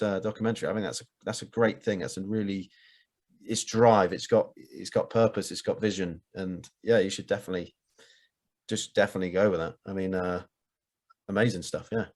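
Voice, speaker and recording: Low-voiced, enthusiastic host. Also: male voice. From United Kingdom. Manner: enthusiastic, encouraging, self-deprecating. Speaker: podcast host. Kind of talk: casual conversation.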